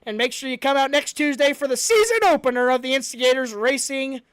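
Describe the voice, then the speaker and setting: Man, very high voice, race announcer, energetic rapid-fire play-by-play. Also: clean tone. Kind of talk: live racing play-by-play commentary.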